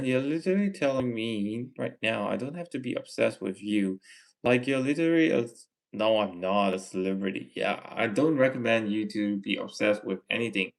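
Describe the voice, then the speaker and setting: Gravelly Malaysian man chatting on a livestream. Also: medium pitch. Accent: Malaysian English. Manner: reads chat messages aloud and answers, gently lecturing. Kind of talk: casual live chat Q&A.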